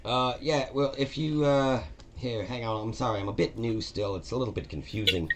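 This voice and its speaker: A man's voice: medium pitch, moderate pace, a bit bright, slight background noise, pitched above the performer's own voice, natural voice. A man voicing a nervous, newly hired male dungeon cleaner who rambles hesitantly and apologizes a lot. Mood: rambling.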